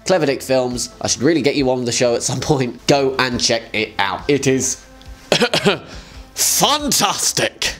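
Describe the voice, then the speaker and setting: A man's voice: medium pitch, brisk, few pauses, soft background music. A man hosting a fan community show, chatting casually and enthusiastically with jokey asides. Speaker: host.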